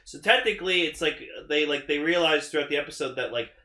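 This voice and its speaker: An excitable young man chatting casually on a podcast, his voice bright and forceful and a little high. He swears freely and jumps into the characters' lines as he recaps. The room around him has a noticeable echo. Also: quick pace. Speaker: podcast co-host. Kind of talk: casual chat recapping an episode.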